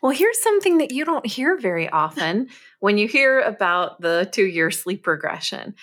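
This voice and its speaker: A woman's voice: medium pitch, big pitch swings, moderate pace, a bit bright. Upbeat woman co-hosting a parenting podcast. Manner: upbeat, explains at length with fillers. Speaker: podcast co-host. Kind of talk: casual advice podcast.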